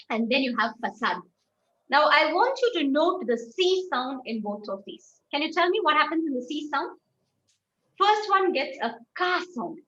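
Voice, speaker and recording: Woman language tutor, high-pitched, patient and explanatory, echoey and slightly muffled online-call sound. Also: bright, forceful tone. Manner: patient, explains step by step with frequent check-in questions. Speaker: French teacher. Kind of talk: online class instruction. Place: online video class.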